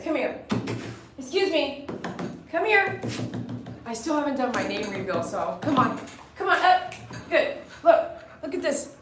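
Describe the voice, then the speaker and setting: A woman's voice: sits high, a bit bright. A woman dog groomer giving a casual grooming tutorial, chatty and coaxing a dog with short commands. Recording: roomy echo, mic at a distance.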